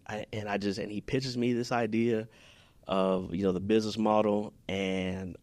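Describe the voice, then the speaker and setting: Heartfelt and earnest, a podcast guest who owns a business in Houston, Texas, chats casually in an interview, often restarting sentences. He has a lowish, slightly mellow voice, a flat delivery, and a moderate pace, recorded without echo.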